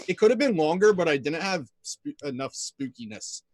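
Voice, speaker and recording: A man who plays and runs tabletop games, chatting in a relaxed, rambling way and acting out little quoted asides. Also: on the high side, moderate pace, dry recording. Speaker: player and game master of another campaign. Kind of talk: casual chat before a tabletop game.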